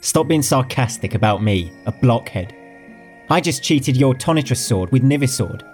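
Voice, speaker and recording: A man's voice: mid-range voice, lively intonation, moderate pace, a little mellow, faint music behind, pitched above the performer's own voice, natural voice. A male narrator voicing a playful, sly young nobleman in an audiobook, with an easygoing, wry delivery. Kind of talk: audiobook character voice.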